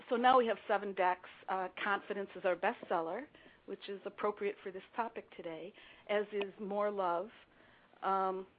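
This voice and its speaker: Older woman guest, emphatic storyteller, mid pitch, narrow phone-line sound. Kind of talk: radio interview storytelling.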